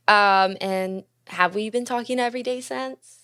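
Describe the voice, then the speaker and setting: A young woman hosting a podcast, telling a candid, profane story about a relationship at a fast clip, laughing often. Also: medium pitch, sharp tone, smooth. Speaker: podcast host.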